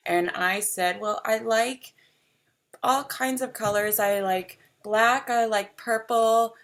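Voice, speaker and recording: A woman in her thirties chats on a podcast with a bright, crisp tone. She tells stories in a loose, talkative way and laughs easily along the way. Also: fairly high pitch, fairly even intonation, takes it slowly. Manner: chatty, laughs while telling stories. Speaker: podcast guest, stand-up comedian. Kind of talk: casual podcast chat.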